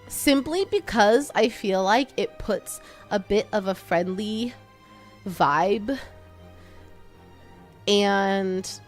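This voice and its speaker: Chatty young woman with a slight Texan twang. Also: medium pitch. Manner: chatty, self-deprecating, laughs often. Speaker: streamer. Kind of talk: casual chat with viewers while working.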